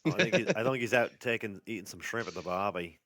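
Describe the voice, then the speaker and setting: A laid-back young man on a comedy podcast who tosses out would-you-rather questions with a chuckle. His voice sits fairly low and dry, close to the mic. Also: very animated, fast, a bit bright, dry recording. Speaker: podcast co-host. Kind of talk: casual comedy podcast chat.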